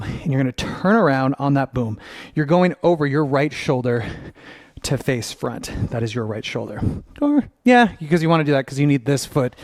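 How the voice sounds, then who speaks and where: Male dance instructor, slightly high, dry sound, upbeat, talks while dancing at home. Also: a little mellow, dry recording. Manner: upbeat, counts steps aloud and scats rhythms. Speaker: dance teacher.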